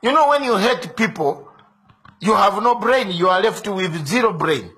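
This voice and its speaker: Man, online show host, political commentary, impassioned, rhetorical, high-pitched voice. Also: expressive, moderate pace, a bit bright. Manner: impassioned, rhetorical, repeats questions.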